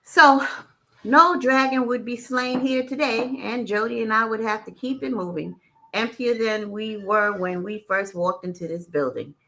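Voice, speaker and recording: A woman's voice: a little high, unhurried, fairly bright tone. Woman reading a memoir with sassy asides. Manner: sassy, blunt, profane side comments. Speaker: audiobook reader and live-stream host. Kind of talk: reading a memoir aloud with casual asides to viewers.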